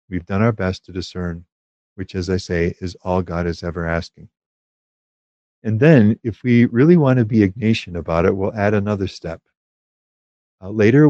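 A man, a priest, giving a spoken retreat conference in an unhurried, gentle way, with many fillers and restarts. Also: sits low, no echo, highs cut off.

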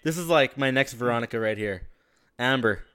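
A man holding forth in a casual podcast chat, cocky and laid-back, cursing freely. His voice is mid-pitched with a bright, forceful edge. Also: brisk, smooth. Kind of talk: casual banter.

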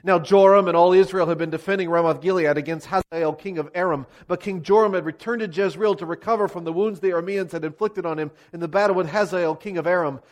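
Male preacher, higher voice than most men, retells scripture vividly for a sermon. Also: quick pace, hardly any pauses. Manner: vivid, dramatic storytelling of scripture. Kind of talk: expository sermon.

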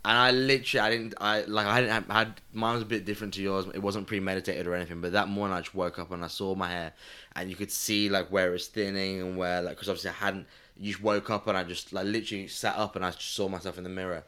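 A man's voice: deep voice, level tone, fast, bright, forceful tone, smooth. A man hosting a podcast, chatting casually and rambling through a story with loose swearing. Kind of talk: casual chat.

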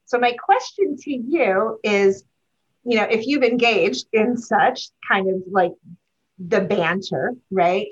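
A woman's voice: medium pitch, slow, slightly rough. Chatty woman host, slightly muffled. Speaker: podcast host. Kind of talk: casual interview chat. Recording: slightly dull, lo-fi.

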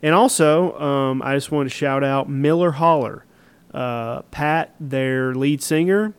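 A man's voice: medium pitch, takes it slowly, clear, resonant tone. A man from Middle Tennessee with a Southern accent, hosting a podcast in easygoing, rambling casual talk full of fillers. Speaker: podcast host.

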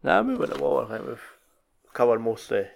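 A man's voice: mid-range voice, sing-song, a little fast, creaky. A man in casual film chat, mostly agreeing in short replies. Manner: brief agreeing interjections, laughs along.

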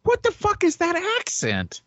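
A man's voice: very high-pitched, huge pitch swings, normal speed, fairly bright tone, dry recording, dull audio. A man co-hosting a podcast in casual chat, jokey, profane and incredulous. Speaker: podcast co-host.

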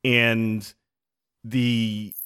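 A man's voice: on the low side, extremely slow, clear, resonant tone. A man co-hosting a podcast in casual chat, rambling and acting out quotes. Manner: animated, rambling, acts out quotes. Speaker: podcast co-host.

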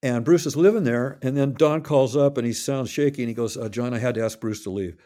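Speaking at a medium pitch and a fairly quick clip, this older man has a warm tone. In a casual interview he spins rambling anecdotes, often backtracking to fix details and voicing the words of others.

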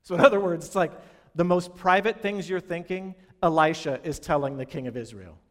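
A man in his thirties, a pastor, giving a sermon in a conversational, storytelling manner, acting out quoted lines in a lowered voice. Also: fairly quick. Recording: long reverb of a hall.

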